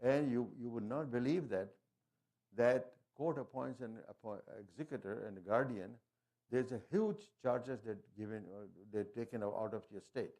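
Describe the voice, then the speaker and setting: A man's voice: mid-range voice, warm tone. A man giving a presentation on wills and estate planning, talking through his slides with frequent restarts and fillers. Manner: halting, frequent restarts and fillers, non-native phrasing. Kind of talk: informal presentation talk.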